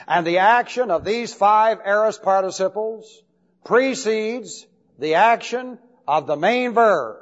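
A man with a high voice lectures slowly on Bible Greek grammar in a classroom, emphatically repeating points and spelling out key words. The sound is dull and lo-fi, with long hall reverb.

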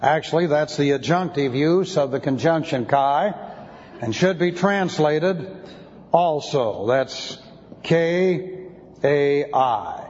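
A man's voice: fairly high pitch, takes it slowly, darkish tone. A man teaching an expository sermon, spelling out Greek words letter by letter. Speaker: Bible teacher. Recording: dull lo-fi sound with long hall reverb.

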